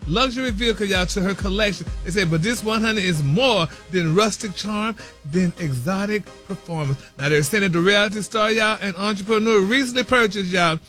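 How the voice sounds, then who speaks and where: A man with a high voice runs the celebrity gossip segment of a radio show. He is flamboyant and sassy, and he drops honey and y'all into nearly every phrase. A faint music bed plays underneath. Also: fairly quick, fairly bright tone. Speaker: celebrity news reporter.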